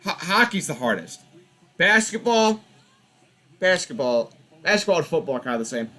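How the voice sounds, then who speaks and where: A man's voice: on the high side, moderate pace. A young man hosting a football watch party, giving casual live commentary and ranting in exasperation at the referees. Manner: animated, exasperated ranting about refs.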